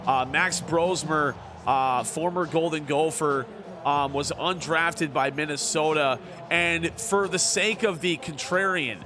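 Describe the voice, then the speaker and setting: A man streaming a video game and commentating it like a sports broadcaster, sometimes in a slow announcer voice and sometimes as casual chat, repeating phrases for emphasis. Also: a little high, bright, forceful tone, slight background noise. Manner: switches between a slow, drawn-out announcer voice and quick casual chat. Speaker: gaming streamer.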